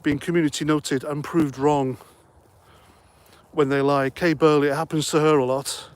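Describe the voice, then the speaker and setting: A man's voice: a little high, steady tone, normal speed. A middle-aged man hosting a casual livestream, reading out comments and chatting in a rambling, jokey way, a little out of breath. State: slightly out of breath. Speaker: livestream host.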